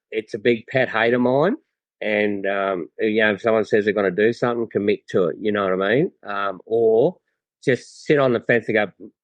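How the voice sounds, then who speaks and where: An Australian man guesting on a podcast, telling stories in a relaxed way with many fillers and restarts. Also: lowish voice, no echo, phone-quality sound. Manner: laid-back storyteller, lots of fillers and restarts. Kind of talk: casual chat.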